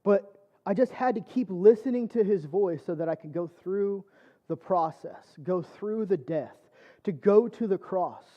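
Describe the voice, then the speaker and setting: A man's voice: high-pitched, unhurried, muffled recording. A man preaching a personal testimony sermon, telling his story conversationally with lots of fillers. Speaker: church speaker.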